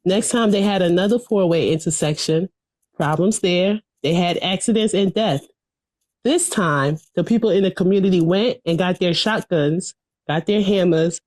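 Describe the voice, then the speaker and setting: A man's voice: high voice, darkish tone, no echo. A man giving a fiery political speech in a rhythmic, repetitive, preacher-like style, from an archival recording. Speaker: political speaker.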